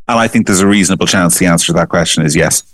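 A man giving forceful opinions as a political commentator in a podcast discussion, often repeating words and restarting phrases. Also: low-pitched, racing, dry recording. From Ireland.

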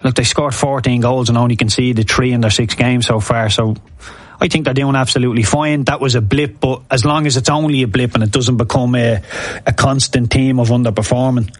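Male pundit, mid-pitched, halting speech, dry close recording. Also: steady tone, dry recording. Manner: hesitant, repeats words while thinking aloud. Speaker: football pundit. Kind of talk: radio punditry.

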